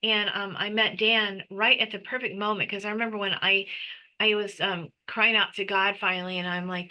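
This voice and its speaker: A woman's voice: medium pitch, level tone, normal speed, lo-fi sound. A middle-aged woman giving an emotional personal testimony as an interview guest, talking intensely with frequent restarts and stammers.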